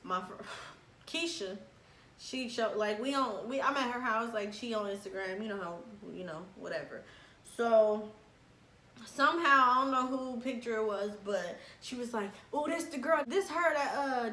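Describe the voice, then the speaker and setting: A young woman tells a story in a lively, bright voice that runs fairly high. She laughs often and acts out every quote. The room is echoey and has a faint hiss under it. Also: normal speed. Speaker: vlogger telling a story. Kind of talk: casual storytime chat.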